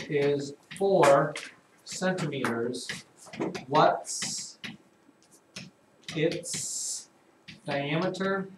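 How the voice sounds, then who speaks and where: Guy teaching a class, repeats words slow, kinda far off mic, noisy room. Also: fairly high pitch. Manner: repeats key terms slowly, calls on pupils by name. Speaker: math teacher. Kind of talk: classroom lesson. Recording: echoey classroom from far off with noise.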